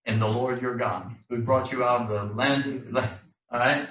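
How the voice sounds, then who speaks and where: Teaching Hebrew to a class, a man speaks haltingly, with many restarts and fillers and a joke here and there. His bright, forceful voice sits at medium pitch with fairly even intonation, picked up by a distant mic in an echoey room.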